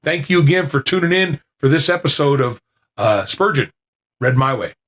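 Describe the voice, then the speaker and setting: A man's voice: on the high side, expressive, normal speed, a bit bright. Rambling man at a podcast mic. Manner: rambling, with many fillers and restarts. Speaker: podcast host. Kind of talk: casual chat to listeners. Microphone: podcasting mic with noise reduction.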